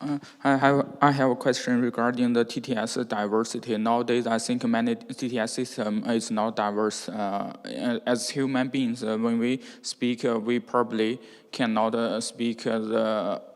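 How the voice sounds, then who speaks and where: Audience guy with a question, gravelly flat voice, lots of pauses. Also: mid-range voice. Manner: hesitant, searching for words. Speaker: audience member. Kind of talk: asking a question at a lecture. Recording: lecture hall with long reverb.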